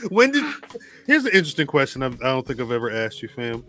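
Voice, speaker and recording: A man co-hosting a podcast in casual chat, laughing often and geeking out in an animated way. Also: medium pitch, brisk, faint music behind. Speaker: podcast co-host.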